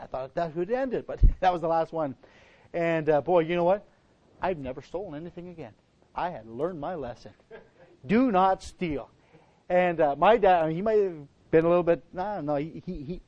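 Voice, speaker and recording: High-voiced man preaching folksy sermon. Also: a little mellow. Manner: folksy, rambling, frequent restarts. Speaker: pastor. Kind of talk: sermon with personal story. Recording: dull lo-fi recording.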